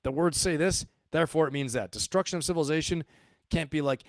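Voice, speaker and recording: A man's voice: a little high, lively intonation, fast, dry recording, clean studio sound. A middle-aged man, a retired Marine officer, hosting his channel with emphatic, repetitive commentary and rhetorical questions. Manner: emphatic, repeats himself, asks rhetorical questions. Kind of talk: casual commentary to viewers.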